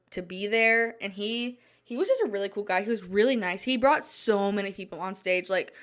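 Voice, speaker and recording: A young woman talks alone into her podcast mic late at night, her voice at a middling pitch. She rambles and restarts, leaning on "like" as nerves keep getting the better of her. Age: young adult. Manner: rambling, flustered, many "like" fillers and restarts. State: anxious and shaken. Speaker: podcast host. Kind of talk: casual solo chat. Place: at home at night.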